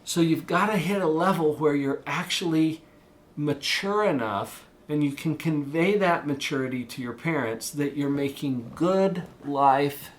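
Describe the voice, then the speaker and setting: A middle-aged man giving a motivational talk to teenagers about their parents, telling a story and acting out both sides. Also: fairly high pitch. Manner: animated storytelling, acts out parents and kids. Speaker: parenting coach.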